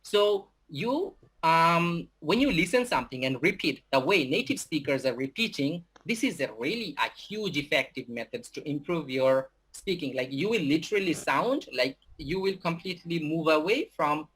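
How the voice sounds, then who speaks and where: A young man with a Bangladeshi accent gives an English lesson to a group of students. His voice is husky and breathy, and his speech is halting, full of fillers and restarts. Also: on the high side, expressive, a bit bright. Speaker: English teacher. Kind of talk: giving a talk to students.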